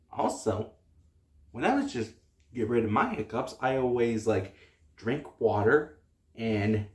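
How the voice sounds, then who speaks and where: A woman voicing a calm, forgetful grown-up who talks low and slow, trailing off as she muses, with an echoey room sound. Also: exaggerated voice. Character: calm, forgetful grown-up caretaker of a baby star. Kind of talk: amateur cartoon voice acting.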